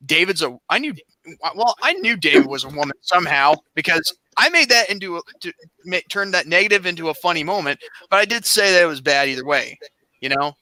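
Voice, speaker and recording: A man's voice: fairly high pitch, sharp tone, dry recording, poor audio. A man hosting a casual livestream chat, rambling on with lots of restarts and fillers. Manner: talks in long rambling stretches with many restarts. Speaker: show host.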